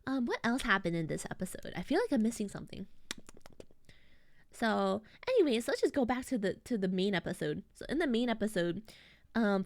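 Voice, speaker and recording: A woman's voice: mid-range voice, dry recording, clean studio sound. A young woman streaming, casually recapping a story in a rambling, slangy way full of fillers and restarts. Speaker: VTuber streamer.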